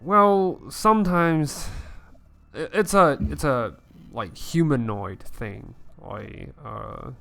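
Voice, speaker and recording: A man's voice: mid-range voice, takes it slowly, creaky. A man playing a tabletop game, talking in hesitant, filler-heavy bursts. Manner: hesitant, many fillers, animated. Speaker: player. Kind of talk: tabletop role-play chat.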